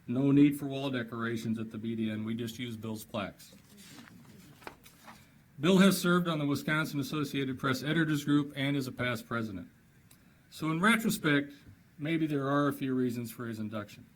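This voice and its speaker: A man's voice: mid-range voice, moderate pace, poor audio. A man with a mid-range voice introduces a colleague at a banquet podium. He heaps on praise and slips in a few light jokes along the way. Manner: warm, praising, lightly humorous. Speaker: presenter. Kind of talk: introduction speech. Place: banquet hall.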